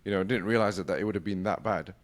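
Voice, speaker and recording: A middle-aged man from the UK, hosting a casual conversation and telling a story fast, with lots of restarts. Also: low-pitched. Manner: fast-talking, full of restarts. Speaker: podcast host.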